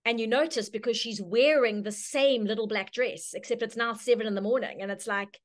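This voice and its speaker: A woman teaching a branding workshop, telling a story with lively, chatty delivery and acted-out voices. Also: fairly quick. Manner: storytelling, acts out quoted voices with sudden high squeals. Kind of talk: live online workshop talk.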